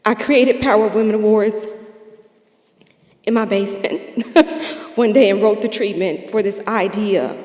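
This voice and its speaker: A woman's voice: medium pitch, darkish tone. An American woman speaks from a stage in a large hall, her voice ringing with long reverb. She delivers a heartfelt awards speech. She laughs lightly between phrases. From United States. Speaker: charity founder giving awards speech. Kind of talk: emotional ceremony speech.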